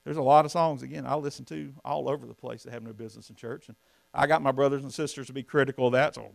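A man's voice: mid-range voice, fairly even intonation, fast, gravelly, no room sound. A man preaching from the pulpit, folksy and emphatic, often asking the congregation questions. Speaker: pastor. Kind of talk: sermon.

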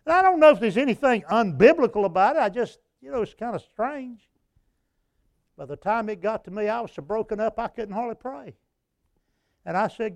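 A man's voice: very high-pitched, lively intonation, normal speed, gravelly, no echo, studio quality. An older man, preaching a revival sermon and telling a folksy story that swells into impassioned recounted prayers.

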